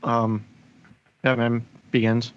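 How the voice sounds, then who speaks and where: A man's voice: mid-range voice, monotone, slow, clean tone, muffled recording. A man co-hosting a podcast in casual chat, earnest, sometimes quoting characters in a raised voice. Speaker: podcast co-host.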